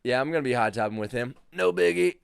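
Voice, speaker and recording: Young guy rambling and swearing on his podcast, smooth voice, dry close sound. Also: medium pitch, racing, no room sound. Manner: rambling, crude and jokey. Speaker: podcast host. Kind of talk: casual solo monologue.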